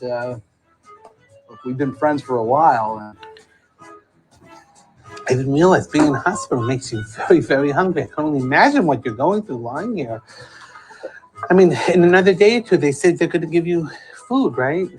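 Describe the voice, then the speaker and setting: A man's voice: fairly high pitch, darkish tone, close to an everyday voice, poor audio. A man acting out a tactless, self-absorbed friend who rambles on at a hospital bedside in a comedy sketch. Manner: rambling, oblivious, self-absorbed small talk. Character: tactless chatty male hospital visitor.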